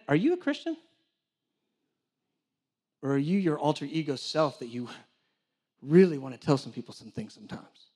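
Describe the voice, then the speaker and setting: A man delivers a sermon, his voice sitting unusually high for a man. He tells stories in an animated way, poking fun at himself along the way. He is speaking in a church before a live congregation. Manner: animated storytelling with self-deprecating humor. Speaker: church director and preacher. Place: church hall with a live audience.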